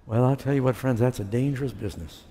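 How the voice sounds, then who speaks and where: A man gives his testimony from the pulpit in a warm, mid-range voice at a quick pace, with a long reverb tail behind him. He tells his story and acts out the words he said back then.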